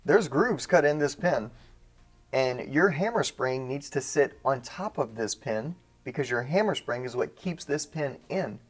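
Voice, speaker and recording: A man's voice: medium pitch, animated, measured pace. A man co-hosting a casual gunsmithing how-to, explaining assembly in a jokey, self-mocking way. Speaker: gunsmithing co-host. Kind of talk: casual instructional banter.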